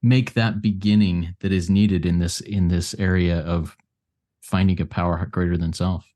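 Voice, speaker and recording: A man moderating a recovery discussion podcast, speaking gently and hesitantly with many fillers. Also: deep voice, little pitch movement, normal speed.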